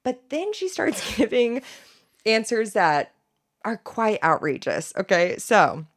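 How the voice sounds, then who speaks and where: A woman's voice: medium pitch, sing-song, slow pace. A woman co-hosting a podcast, retelling a story in a casual, gossipy way. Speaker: podcast co-host.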